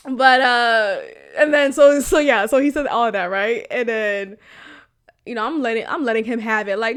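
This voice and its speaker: A woman hosts her own podcast and tells personal stories in a candid, animated chat. Her voice sits a little high, and she laughs often and swears freely. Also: moderate pace, clean tone. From Boston area, US. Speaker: podcast host.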